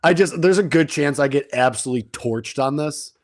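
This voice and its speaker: Fast-chatting man on a dry mic. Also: on the high side, no room sound. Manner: talks fast with frequent restarts and fillers. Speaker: sports betting co-host. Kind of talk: casual podcast chat.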